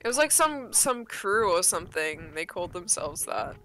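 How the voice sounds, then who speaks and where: A woman's voice: lowish voice, very animated, a bit bright, soft background music. Playful woman bantering on a game stream. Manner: playful, teasing, quick slang quips.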